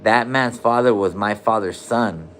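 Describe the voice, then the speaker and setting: Lowish and a little slow, with a fairly bright tone, a man livestreams casually from a hospital bed area amid slight background noise. His talk is loose joking in heavy slang, peppered with viewers' names.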